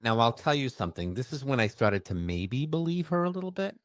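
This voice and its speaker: A man who works as a medium, telling a personal story in an expressive, emphatic way during a conversation. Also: mid-range voice, no echo, clean studio sound. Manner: expressive, emphatic, with bursts of fast speech. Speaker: medium recounting his experiences.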